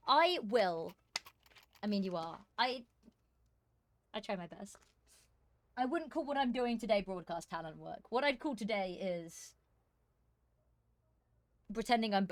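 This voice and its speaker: With a mid-range voice and no room sound, a woman provides casual commentary for an esports qualifier on a live stream. Her talk wanders, full of fillers and little jokes at her own expense.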